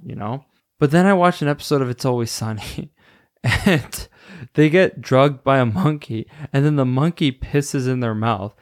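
Dude chatting solo on his podcast, laughs a lot, keeps forgetting names. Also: mid-range voice. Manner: rambling, laughs often, searches for names. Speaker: podcast host. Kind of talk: casual solo podcast chat.

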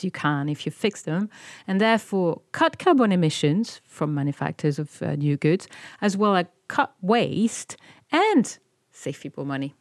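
A woman with a French accent sits in the host's chair, sharing news stories in an animated, hesitant way. Her voice sits a little low. The recording is close and dry. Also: dry recording. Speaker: podcast co-host. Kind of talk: casual radio-style chat.

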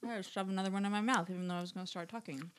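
A woman's voice: medium pitch, fairly even intonation, rapid-fire, a little hiss or hum. A woman co-hosting a casual chat, talkative and giggly, with lots of fillers. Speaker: co-host.

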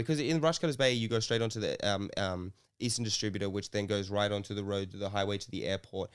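A man's voice: lowish voice, fairly even intonation, smooth. A man, a comedian, telling a rambling anecdote in casual chat, swearing freely and acting out what people said. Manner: fast, rambling anecdote with swearing and acted quotes. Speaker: comedian guest.

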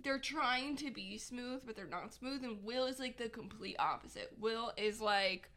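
A woman's voice: fairly high pitch, a little slow, a bit bright. A young woman co-hosting a casual podcast, chatty and giggly, often trailing off mid-sentence. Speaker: podcast co-host. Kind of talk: casual chat.

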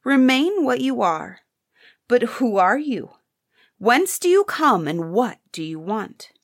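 A woman's voice: on the high side, very animated, slow pace, pitched above the performer's own voice, heavily acted. A woman voicing an angry, commanding old emperor in a read-aloud fairy tale. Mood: curious. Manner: commanding, outraged shouts.

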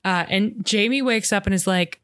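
A woman hosting a podcast, retelling a TV scene in lively, laughing casual chat. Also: medium pitch, normal speed, no echo, studio quality. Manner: animated, laughing, acting out scenes. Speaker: podcast host recapping a TV episode.

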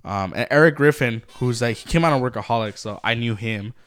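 A man's voice: medium pitch, a little fast, a bit bright, smooth. A man co-hosting a podcast in casual chat, blunt and swearing constantly, with lots of "like". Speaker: podcast co-host.

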